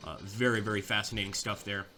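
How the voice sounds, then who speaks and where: A man's voice: fairly low pitch, flat delivery, fast talker, sharp tone, slight background noise. A young man giving casual, chatty commentary over a strategy war game, thinking aloud with fillers and restarts. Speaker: gameplay commentator.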